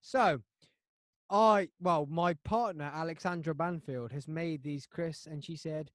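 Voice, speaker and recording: A man hosting a podcast, chatting loudly and excitedly with friends and teasing them. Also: on the high side, unhurried, dry recording, clean studio sound. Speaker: podcast host. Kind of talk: casual banter with friends.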